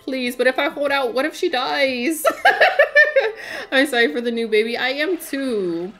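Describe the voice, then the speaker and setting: A woman's voice: high voice, normal speed, fairly bright tone, soft background music. A woman streaming a game in casual, chatty commentary, laughing often and talking to her chat.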